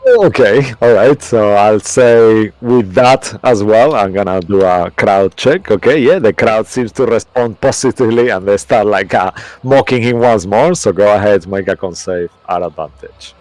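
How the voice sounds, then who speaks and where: Rambling low-voiced game master man. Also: moderate pace, few pauses, darkish tone, dry recording. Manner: rambling, searches for words, many fillers. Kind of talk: narrating a tabletop game.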